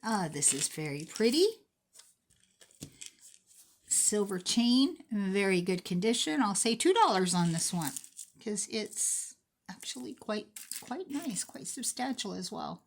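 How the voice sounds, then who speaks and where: A gravelly-voiced woman in her forties talks slowly and casually to her viewers while untangling thrifted jewelry. She pokes fun at herself as she works. A faint hiss sits under the recording. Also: medium pitch, sing-song. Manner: chatty, self-mocking, talks to herself while sorting. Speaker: thrift jewelry unboxing vlogger. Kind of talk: casual unboxing commentary.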